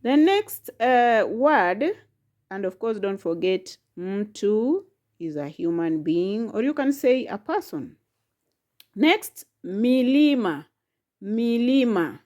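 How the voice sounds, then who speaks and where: A woman teaching a language lesson, speaking slowly and patiently, repeating each word and sounding out its syllables one at a time. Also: medium pitch, big pitch swings, a little mellow. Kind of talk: slow, patient classroom lesson.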